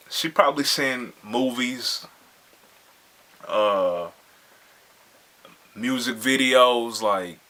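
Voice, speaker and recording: A man's voice: mid-range voice, sharp tone. A man hosting a reaction video, commenting casually in laid-back slang and often asking "you feel me".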